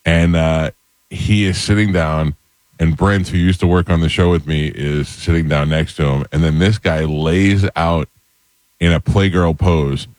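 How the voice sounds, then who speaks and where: A middle-aged man hosting a talk show, telling funny stories in an animated, chatty way and acting out the quotes. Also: low voice, unhurried, no room sound. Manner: animated storyteller, acts out quotes. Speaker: radio show host. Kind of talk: casual storytelling chat.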